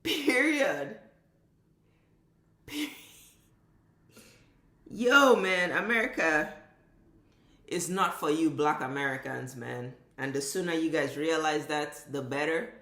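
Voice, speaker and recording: Woman vlogger, bright forceful voice, profane emphatic rant, echoey room. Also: sits low, slow, long pauses. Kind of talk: impassioned commentary rant.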